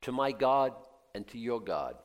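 A man preaching a sermon, swinging between quiet reflection and loud excited emphasis, acting out the voices of biblical figures and doubters. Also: medium pitch, unhurried. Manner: laughs now and then, talks in restarts.

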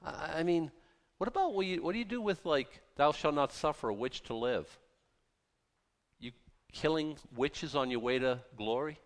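A man's voice: fairly high pitch, big pitch swings, moderate pace, pauses often, big-room sound. A man preaching a sermon with passion and zeal, mixing in mocking asides. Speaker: pastor.

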